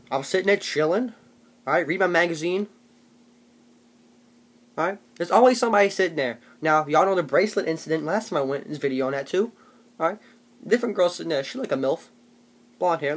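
A man's voice: a little high, lively intonation, fairly quick, long pauses. A young man telling comic stories in a rambling, jokey vlog, often putting on mock voices. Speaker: vlogger. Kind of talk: comedic storytelling vlog.

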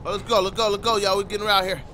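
Man doing gameplay commentary, very high voice, sharp bright tone, loud excitable reactions. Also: rapid-fire, a little hiss or hum.

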